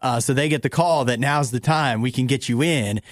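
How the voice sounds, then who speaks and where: A man's voice: mid-range voice, a little fast, dry recording. Radio host guy, easygoing storyteller, lots of uhs, dry studio sound. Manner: relaxed storyteller with many "uh" fillers. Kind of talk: casual radio banter.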